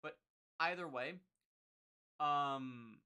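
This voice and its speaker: A man with a bright, forward voice talks through a comic chapter on a podcast. His delivery is casual and conversational. He sometimes stops to think out loud, with the odd "uh" and "like.". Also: a little high, very slow, smooth. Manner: recaps panel by panel, thinking aloud with fillers. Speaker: podcast co-host. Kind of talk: casual manga chapter recap. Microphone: podcast mic.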